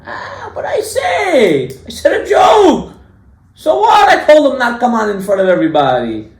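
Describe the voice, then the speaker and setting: A man voicing an indignant man who shrugs off his own insults, shouting in high, mocking outrage. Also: wildly swooping pitch, measured pace, heavily acted. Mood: mocking indignation. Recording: echoey room.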